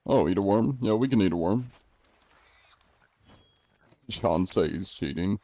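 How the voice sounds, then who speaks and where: A man's voice: low voice, lively intonation, unhurried, warm tone, no echo, lo-fi sound. A man streaming live, chatting casually with his viewers and answering them with dry jokes. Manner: dry, joking, answers chat. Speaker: game streamer.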